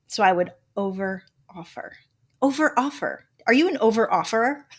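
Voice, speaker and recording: An older woman, a podcast host, leads a motivational self-help talk show in an emphatic, blunt style, swearing casually and occasionally putting on a joking Southern drawl. Her voice runs on the high side with lively intonation at a normal speed.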